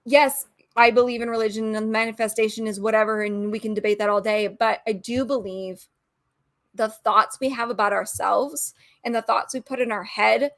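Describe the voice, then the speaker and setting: A woman's voice: fairly high pitch, fairly even intonation, normal speed, no echo, studio quality. A woman co-hosting a podcast, talking in an earnest, opinionated way and acting out little quotes as she goes. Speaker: podcast co-host. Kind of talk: casual chat.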